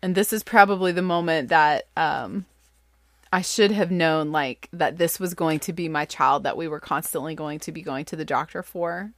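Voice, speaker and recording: A woman in her thirties, a mother telling a funny story in a casual, animated, self-deprecating way. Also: normal speed, no echo, studio quality. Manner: animated, self-deprecating, acts out quotes in high voices.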